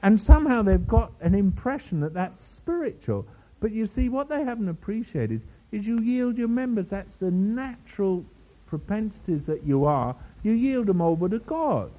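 A man preaching a sermon to a congregation, lively and teasing, mimicking other preachers' voices for humor. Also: sits high, moderate pace. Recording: dull lo-fi sermon recording.

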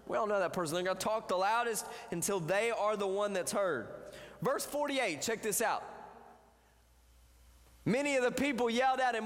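Emphatic high-voiced male youth preacher. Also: in a large hall. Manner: emphatic, repeats phrases, builds to shouting. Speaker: youth pastor. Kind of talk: sermon.

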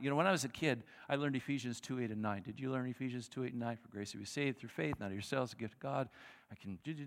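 A male pastor preaching a sermon in a conversational, animated way, acting out the people in the story. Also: medium pitch, gravelly, long reverb tail. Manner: animated, conversational, acts out quotes.

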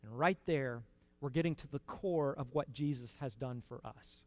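Preaching in a mid-range voice at normal speed, a man delivers a sermon with an earnest, conversational feel. His delivery rises to emphatic high points and falls away into quiet asides.

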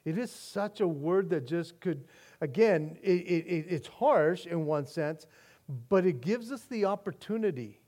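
Male pastor with a high voice, earnest sermon delivery with frequent restarts, moving between soft and emphatic. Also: lively intonation, measured pace.

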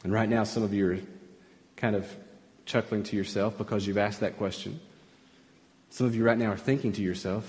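A pastor preaching a sermon, emphatic at times and dropping to a near hush at others. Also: male voice, lowish voice, steady tone, fairly quick, pauses often. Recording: long reverb of a large hall.

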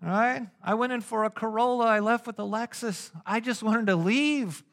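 Animated, slangy middle-aged pastor. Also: male voice, high-pitched, normal speed. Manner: animated and casual, with slangy asides and acted-out anecdotes. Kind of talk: conversational sermon.

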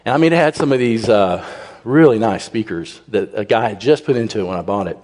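A man telling a humorous personal story to a congregation, animated and acting out the people he quotes. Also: fairly low pitch, fairly quick. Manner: animated, raises his voice when he quotes people. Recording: long reverb in a large hall.

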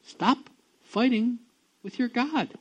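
A middle-aged man preaching a sermon, emphatic, dropping low and quiet and then rising loud and high. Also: takes it slowly, slightly rough, low-quality recording. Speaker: pastor.

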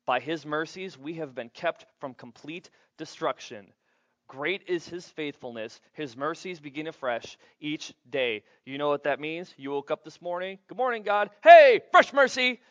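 A man preaching a sermon as pastor, playful and animated, acting out little scenes for the congregation. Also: fairly high pitch, normal speed, no echo, muffled recording.

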